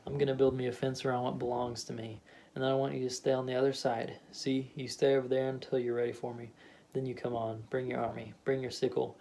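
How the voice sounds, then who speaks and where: A man voicing a stubborn, defiant middle-aged husband who talks gruffly in clipped dialect. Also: medium pitch, a little mellow, lightly acted.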